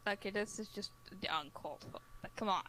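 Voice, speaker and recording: A woman's voice: medium pitch, fast talker, sharp tone, slight background noise, poor audio. A woman playing in a tabletop game, with sarcastic, joking banter. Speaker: player.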